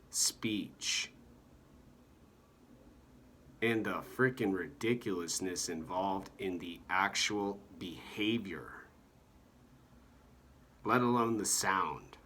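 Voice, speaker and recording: Man, deep voice, bright tone, rambling monologue, halting, lots of fillers. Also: a little hiss or hum. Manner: meandering, halting, full of "you know" and "like". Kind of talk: rambling monologue about comedy.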